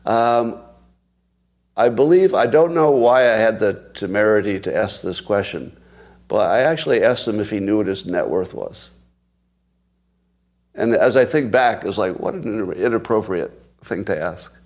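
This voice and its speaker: Host, male, 60s: low, gravelly, chatty storyteller who laughs at his own anecdotes. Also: expressive, unhurried, a little mellow. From United States. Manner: chatty, laughs at own stories, asides to viewers. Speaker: podcast host. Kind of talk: casual livestream storytelling.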